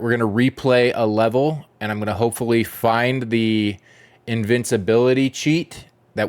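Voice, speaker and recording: A man chatting casually with viewers while he streams a video game, rambling and chuckling as he goes. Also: lowish voice. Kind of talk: casual gameplay chat.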